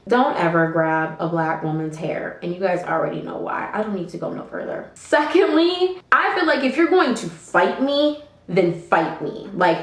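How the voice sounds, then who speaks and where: A young woman vlogger retelling a story in a casual, animated way, swearing freely and talking straight to her viewers. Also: medium pitch. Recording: roomy echo.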